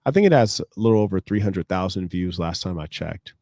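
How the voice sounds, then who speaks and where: A man's voice: low voice, expressive, brisk, darkish tone, no room sound, studio quality. An American man streaming live, lecturing his viewers in a confrontational monologue. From United States.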